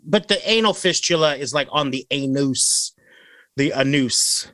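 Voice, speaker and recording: A man's voice: fairly high pitch, animated, measured pace, pushed and bright, no room sound. A man hosting a casual podcast, reading odd news stories aloud with crude joking asides.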